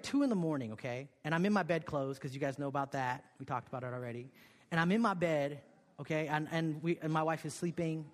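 A man delivers a sermon in a slightly high voice, breaking up his story with "okay?" and "right?". He drops to near-whispers, then rises into emphatic peaks. The sound carries a long reverb, as in a large church hall. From Korea. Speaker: pastor.

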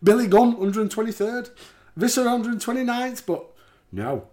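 A man's voice: very high-pitched, expressive, normal speed, a little mellow. A man hosting a casual podcast, recapping wrestling shows and laughing often as he talks. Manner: laughs often, reads out rankings. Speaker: podcast host.

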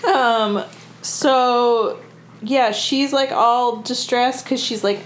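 A woman's voice: fairly high pitch, steady tone, drawn-out words. A woman co-hosting a podcast, chatting casually about a book with lots of fillers and swearing. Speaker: podcast co-host. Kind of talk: casual book discussion chat. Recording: echoey room with faint background noise.

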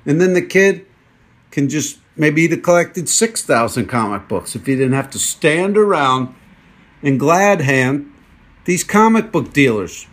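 Rambling man ranting jokingly, slightly high. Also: lively intonation, a little slow. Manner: rambling, jokey ranting asides. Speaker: podcast host. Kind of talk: casual comedic monologue.

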